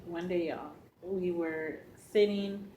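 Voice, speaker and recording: A woman's voice: lowish voice, fairly even intonation, takes it slowly, dark tone, highs cut off, slight background noise. A woman casually telling a personal story to her viewers, talking to them directly as y'all with lots of fillers. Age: adult with a child. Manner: chatty, addresses viewers as y'all, many fillers.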